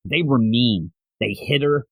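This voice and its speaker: A man hosts a comic book podcast, retelling a story in an easygoing, heartfelt way. His voice swings up and down with lively inflection. The sound is dry and close, with no room echo. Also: mid-range voice, unhurried, breathy edge. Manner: animated, openly sentimental storytelling. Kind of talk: casual comic recap.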